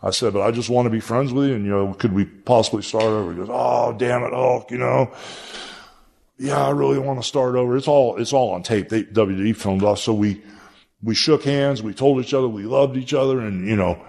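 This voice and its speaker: A man's voice: lowish voice, fairly quick, a little mellow. An older man, a podcast guest, telling a long story in a rambling, folksy way with many fillers.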